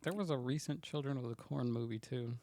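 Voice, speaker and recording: A man's voice: mid-range voice, fairly quick, dark tone, dry recording. Podcast co-host, man, laid-back, mostly brief remarks, dry close mic. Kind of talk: casual chat.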